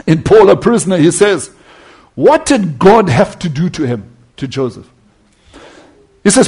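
Husky, high-voiced male preacher. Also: big pitch swings, measured pace, pauses often. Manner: emphatic, rising and falling, dropping to soft tones for quotes. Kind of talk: sermon.

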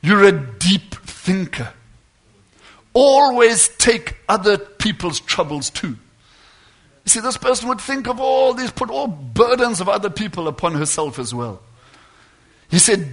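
A man preaching a sermon, fervent and building to loud exhortation. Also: high voice, expressive, a little slow.

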